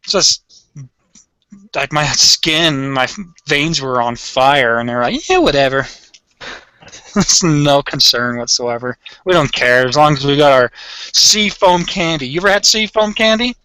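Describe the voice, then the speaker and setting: A young man animator chatting casually, swearing freely and excitable. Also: fairly high pitch, a little slow, clear, resonant tone, no room sound, low-quality recording. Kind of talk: casual chat.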